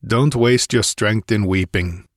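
A man reading aloud voices a gruff, curt barbarian warrior in a low growl. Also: a little slow, dry recording, clean studio sound, close to an everyday voice.

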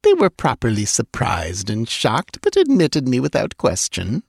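A man's voice: mid-range voice, huge pitch swings, unhurried, creaky, darkish tone, slightly rough, no room sound, pitched above the performer's own voice, heavily acted. A man reading an audiobook, voicing a cruel, scheming young witch woman who mocks and gives orders. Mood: gloating. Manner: cold, mocking, commanding.

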